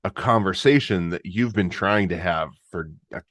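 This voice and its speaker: A man speaking as a podcast guest in casual conversation, halting and restarting often and laughing easily. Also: sits low, a bit bright, no echo, clean studio sound.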